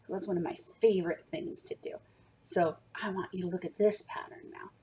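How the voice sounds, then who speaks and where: A woman's voice: lowish voice, steady tone, a little fast, a little mellow, a little hiss or hum. A young woman teaching a remote kindergarten music lesson from home, coaxing small children with a sing-song manner.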